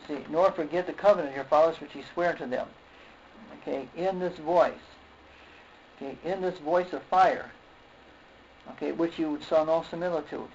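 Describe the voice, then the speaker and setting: Man preaching, halting and repetitive, fairly high voice, muffled lo-fi recording, faint hiss. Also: a little mellow. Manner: halting, repeats words, says okay often, clears throat. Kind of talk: sermon. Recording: dull lo-fi recording with faint noise.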